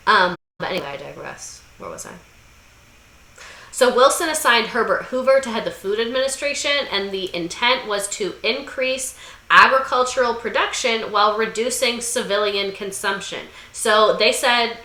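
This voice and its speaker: Sassy young woman host, crisp bright tone in an echoey room, swears freely and riffs sarcastically. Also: medium pitch, animated, normal speed. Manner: irreverent, swearing, sarcastic asides; slips into mocking voices. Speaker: video essay host. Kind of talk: comedic history commentary. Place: room under bright lights.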